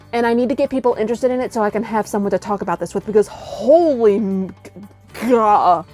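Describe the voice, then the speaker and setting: A woman's voice: mid-range voice, dark tone. Gushing, dramatic young woman book vlogger. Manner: gushing, dramatic, many fillers. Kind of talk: casual book review vlog.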